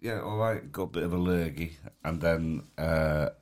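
A man with a Manchester accent and a very deep, low voice chats casually on a podcast. He sounds tired and rambles, restarting his sentences often. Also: moderate pace, a little mellow. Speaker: podcast co-host, comedy promoter. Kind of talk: casual chat.

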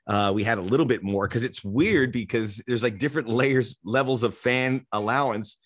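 Joking American podcast host. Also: male voice, medium pitch, normal speed, fairly bright tone, no echo, studio quality. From United States. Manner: playful, joking, with frequent restarts. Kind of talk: casual chat.

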